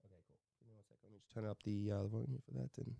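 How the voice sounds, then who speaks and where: A man co-hosting a podcast, telling a story in animated, casual chat, swearing often and laughing a lot. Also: on the low side, rapid-fire, gravelly, no echo. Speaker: podcast co-host.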